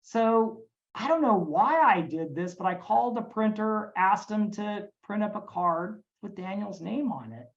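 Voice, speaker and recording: A woman who runs restaurants, telling a personal story in an earnest, halting way during a webinar talk. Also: medium pitch, lively intonation, lo-fi sound. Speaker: restaurant owner. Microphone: webinar microphone.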